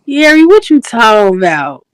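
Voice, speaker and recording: Chicago woman host, high bouncy voice, dry close sound, laughs a lot. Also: clear, resonant tone, no echo. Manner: laughing, animated, drawn-out slang. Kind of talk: casual livestream chat.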